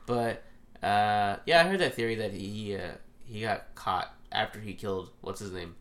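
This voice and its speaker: A young man chatting casually about a movie, animated, quick to laugh and swear. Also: fairly low pitch. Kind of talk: casual chat.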